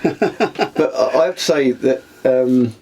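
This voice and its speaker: Male host, husky, mid-pitched, relaxed interviewer. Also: slow. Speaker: host interviewing his father. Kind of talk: casual interview.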